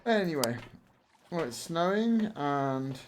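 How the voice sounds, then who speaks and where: A man's voice: on the high side, very animated, takes it slowly, a little hiss or hum. Wry man chatting while gaming. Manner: chatty, wry, thinks aloud with restarts. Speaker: streamer and host. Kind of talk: casual gaming chat.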